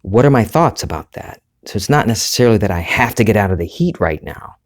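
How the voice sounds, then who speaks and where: A man with a Southern US accent and a low, deep voice hosts his own podcast. He talks at an easy, unhurried pace, musing aloud and correcting himself as he goes. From Southern United States. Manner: relaxed, conversational, rambling with self-corrections. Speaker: podcast host. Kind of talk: reflective solo podcast monologue.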